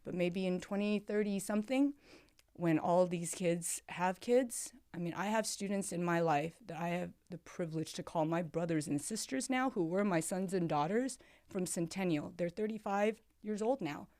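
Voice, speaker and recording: Animated middle-aged woman telling a story. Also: lowish voice, normal speed, no echo, studio quality. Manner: animated storyteller, acts out her own quoted words. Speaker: former teacher, podcast guest. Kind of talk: storytelling in a podcast interview.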